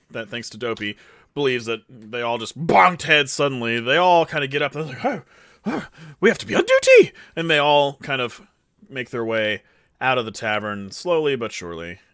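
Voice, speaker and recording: A man running a tabletop game as dungeon master, loud and playful, joking with his players. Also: mid-range voice, clean tone, dry recording, studio quality. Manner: loud, playful, laughing, teasing.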